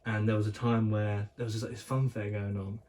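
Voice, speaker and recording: A man's voice: on the low side, flat delivery, fairly quick, darkish tone, distant mic, a little hiss or hum. A young man co-hosting a casual podcast, telling stories in a rambling way with lots of fillers and restarts. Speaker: podcast co-host. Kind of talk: casual chat.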